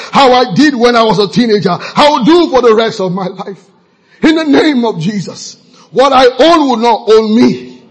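Husky high-voiced preacher. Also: male voice. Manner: fervent preaching with call-and-response, bursting into shouts. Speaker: pastor. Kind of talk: sermon. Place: church. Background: congregation responding.

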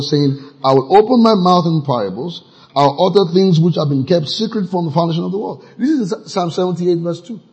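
A man's voice: a little high, a little mellow, slightly rough, lo-fi sound. A man preaching a sermon, reading scripture aloud and firing questions at the congregation, rising to emphatic peaks. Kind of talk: call-and-response sermon.

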